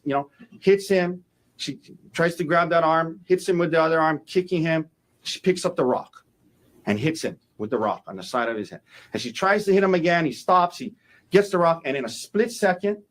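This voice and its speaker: A man, a defense attorney, giving a courtroom opening statement, emphatic and repeating key phrases for effect. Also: on the high side.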